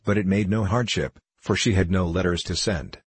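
A man reading a classic short story aloud in a measured, plain storytelling manner. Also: sits low, slightly rough, dry recording. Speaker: audiobook narrator.

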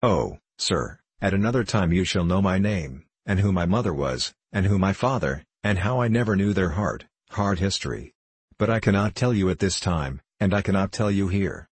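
Earnest, pleading young woman, read by a man, low and husky. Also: expressive, moderate pace, dry recording. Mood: tender, imploring. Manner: earnest, imploring.

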